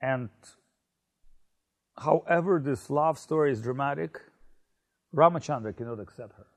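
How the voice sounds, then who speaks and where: A man telling a story in a casual conversation, animated and full of fillers. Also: mid-range voice, measured pace. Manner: animated, many fillers and restarts, laughs. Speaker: spiritual speaker.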